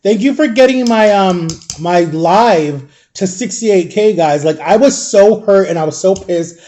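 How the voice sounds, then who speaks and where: A middle-aged man tells a rambling story in a casual vlog, stopping often to clear his throat or cough. His voice sits a touch high but sounds mellow and warm. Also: unhurried. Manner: chatty, swears casually. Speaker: vlogger.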